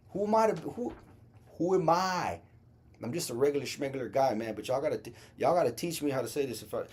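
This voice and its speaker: A man's voice: fairly high pitch, darkish tone, husky. A man from Las Vegas hosting a casual basketball livestream, laid-back and slangy, stumbling playfully over hard names. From Las Vegas, Nevada. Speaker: podcast host.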